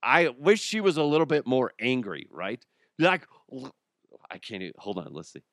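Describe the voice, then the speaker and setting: A man's voice: mid-range voice, very animated, moderate pace, fairly bright tone, dry recording, clean studio sound. A man hosting his own podcast, talking casually in a rambling, joking and self-mocking way. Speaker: podcast host. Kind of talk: casual solo podcast talk.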